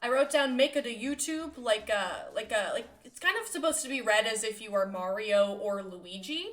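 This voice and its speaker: A woman's voice: a little high, animated, moderate pace, fairly bright tone. A woman streaming live, chatting casually in a bubbly, giggly, easily distracted way. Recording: roomy echo with faint music.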